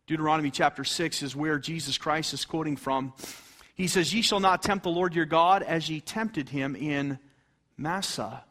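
A middle-aged man preaching a fervent sermon, reading scripture aloud and swinging between loud exclamations and hushed tones. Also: on the high side, moderate pace. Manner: reads scripture in King James English.

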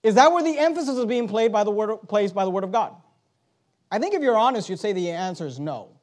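A man's voice: high voice, expressive, fast. A man preaching a sermon, stressing key words, asking rhetorical questions and reading scripture aloud.

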